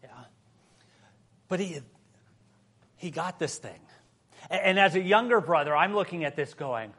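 A male pastor preaching a sermon, telling a humorous personal story and moving between soft prayer and lively emphasis. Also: a little high, a little slow.

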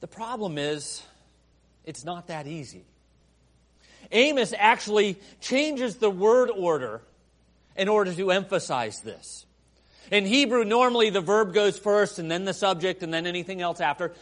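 Pastor, male, high voice, unhurried delivery; dramatic sermon with soft prayerful passages and loud emphatic peaks. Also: lively intonation.

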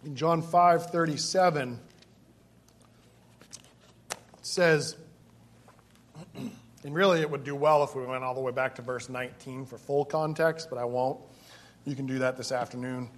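A man's voice: mid-range voice, fairly even intonation, measured pace, pauses often. A man preaching a sermon, telling a personal story with emphasis and asides to the congregation. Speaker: pastor.

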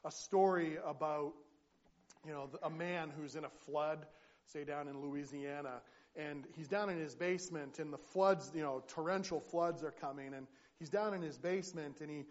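A man preaching a sermon as pastor, earnest and halting, with frequent restarts as he tells a story. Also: on the high side, dull audio.

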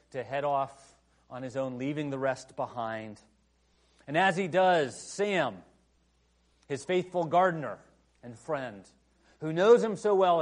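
A male pastor delivering a sermon in a conversational, storytelling manner, with frequent filler phrases. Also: a little high.

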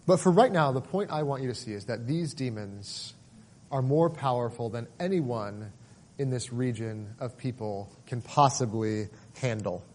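A middle-aged male pastor preaching a sermon in an earnest, emphatic way, pausing and building emphasis as he explains a passage. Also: mid-range voice, a little mellow.

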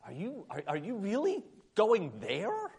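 A man preaching a sermon as pastor, with a dramatic delivery that swings between loud emphasis and hushed asides. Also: high voice, wildly swooping pitch, a little slow, creaky, breathy edge.

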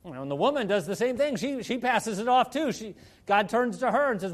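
A man with a high voice preaches a sermon in an easy, conversational way, peppering it with asides. He drops to a hush for quiet points, then lifts into emphatic delivery. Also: very animated, fairly quick. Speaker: pastor.

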